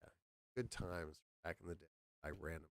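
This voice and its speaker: A man's voice: low-pitched, brisk, dry recording, studio quality. A man hosting a casual live show. He rambles, laughs and repeats himself. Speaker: podcast host. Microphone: studio mic.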